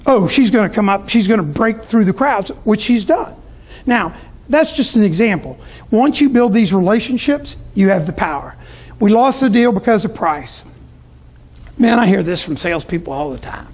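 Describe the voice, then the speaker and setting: Husky high-voiced man telling sales stories. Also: expressive, moderate pace, darkish tone. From Tampa, Florida. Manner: storytelling, acts out the voices of customers. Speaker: business speaker. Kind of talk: sales talk to a live audience.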